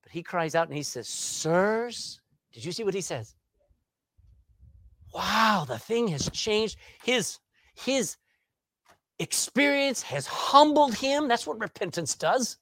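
A man preaching a sermon, asking rhetorical questions and swinging between loud and soft. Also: high-pitched, big pitch swings, a little slow, pauses often, no echo.

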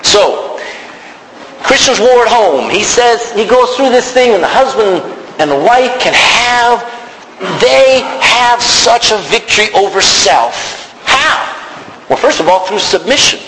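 A man's voice: sits high, sing-song, takes it slowly. A male preacher giving an emphatic sermon, calling out to the congregation for responses. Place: church. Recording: long hall reverb, faint noise.

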